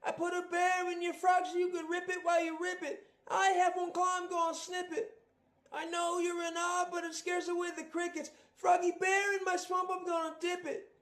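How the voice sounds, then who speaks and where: A man voicing a cocky ghostly male bear, rapping boastfully with shouted ad-libs. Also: extremely high pitch, completely flat delivery, normal speed. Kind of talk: rap song.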